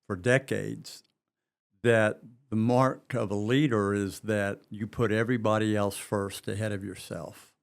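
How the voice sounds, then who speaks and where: Middle-aged West Virginia man, podcast co-host, slow and earnest, repeats words as he thinks. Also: on the low side, clear, resonant tone. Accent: Southern US, West Virginia. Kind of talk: conversational podcast talk.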